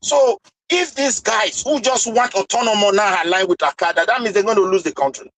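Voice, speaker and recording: A man's voice: sits high, very animated, a little fast, a bit bright, poor audio. A man in a casual discussion, arguing passionately and firing off rhetorical questions.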